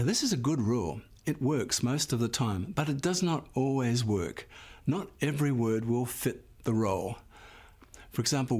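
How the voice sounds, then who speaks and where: Guy teaching phonics real slow, patient, voice goes up and down a lot, praises the kids. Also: medium pitch, darkish tone. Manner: patient, sounds words out deliberately, praises the class. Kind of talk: slow, clear classroom instruction.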